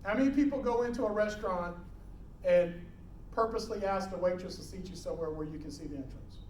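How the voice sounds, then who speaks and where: A middle-aged man teaching emergency preparedness to a live audience, animated, quizzing the room and acting out scenes. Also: high voice, fast talker. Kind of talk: live classroom talk. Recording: roomy hall, distant mic, faint noise.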